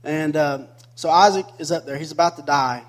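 A man's voice: a little high, brisk. A male pastor preaching a sermon, retelling a scripture story with joking asides and rising emphasis. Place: church sanctuary.

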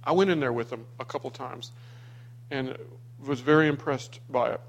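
A man's voice: medium pitch, moderate pace, vocal fry. A man from Florida telling personal stories about his father to a small gathering, acting out what people said. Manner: anecdotal, acts out quoted people. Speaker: speaker sharing memories of his father.

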